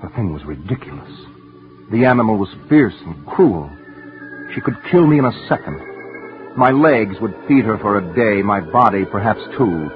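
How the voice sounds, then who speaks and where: A man giving earnest, intense first-person dramatic narration for a radio story, sometimes dropping to hushed tones. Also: on the low side, lively intonation, normal speed. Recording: tinny old radio broadcast with faint music.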